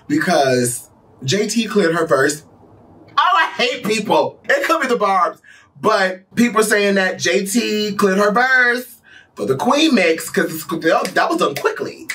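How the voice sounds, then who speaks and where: A man's voice: sits high, bright, forceful tone, distant mic. A man giving casual pop culture commentary in a sassy, gossipy way. He laughs often and swears freely.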